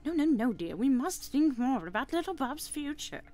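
A woman's voice: high-pitched, big pitch swings, moderate pace, warm tone, faint music behind, voice pushed up. A woman voicing a prim, scolding rich bomb parent from a video game.

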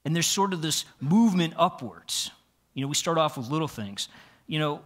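A man with a fairly high voice preaching to his congregation in a relaxed, conversational way. He talks earnestly and often repeats a word or restarts a phrase as he works through his point. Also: normal speed. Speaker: pastor. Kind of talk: conversational sermon. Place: church sanctuary.

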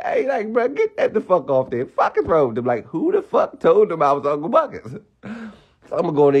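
A man with a slightly high voice that jumps all over the place, ranting casually on a livestream. He swears freely, laughs between lines and talks in a mocking tone. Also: fast. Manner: profane, mocking, animated; laughs often. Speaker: livestream host.

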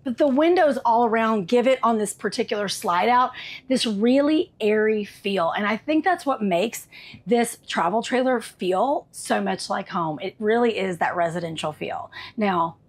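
Giving an upbeat RV tour inside a travel trailer, this woman talks in a mid-range voice at a normal speed with lively intonation. Her manner is sassy and chatty, and she addresses viewers as y'all and honey in her enthusiastic review.

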